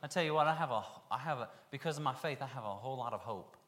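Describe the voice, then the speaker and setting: A man preaching a sermon, reading scripture aloud and then acting out the characters in lively voices. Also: mid-range voice, rapid-fire.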